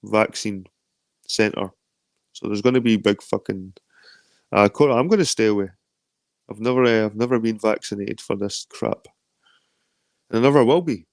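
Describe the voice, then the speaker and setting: A Scottish man of around forty hosts a loose livestream chat, greeting viewers and reading out their comments. His low, gravelly voice sounds dry and close. He rambles and swears freely. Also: moderate pace, long pauses, a little mellow, no room sound. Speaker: livestream host.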